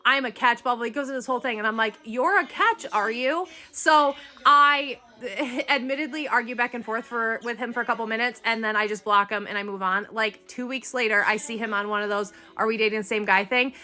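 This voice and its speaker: A woman telling a dating story in casual storytime style, animated and indignant. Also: on the high side, quick pace.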